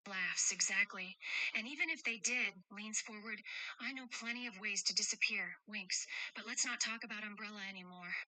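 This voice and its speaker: Woman doing a caring protector of kids, affectionate, teasing, very bright tone, close dry sound. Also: medium pitch, moderate pace, dry recording, low-quality recording. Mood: tender, playful. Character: caring adult woman protecting two children. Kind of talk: role-play chat read aloud with stage directions.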